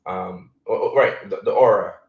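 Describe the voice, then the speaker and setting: A man's voice: fairly low pitch, normal speed, echoey room, distant mic, phone-quality sound. A man in his thirties, born in Ghana, hosting a casual live chat and answering viewer questions in a loose, filler-heavy way. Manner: loose and conversational, many fillers.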